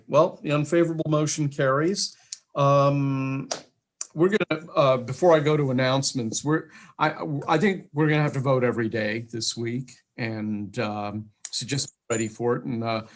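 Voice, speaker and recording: A man chairing a legislative committee session, calling votes in a brisk, procedural way with dry jokes. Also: medium pitch. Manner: brisk, procedural, dryly joking.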